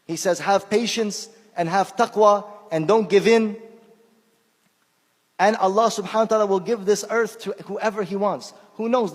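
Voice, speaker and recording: A shaykh whose native language is Persian gives an informal sermon full of anecdotes in a conversational style. His male voice sits high, and he repeats words while searching for them and acts out the voices of people he quotes. The recording has a long hall reverb.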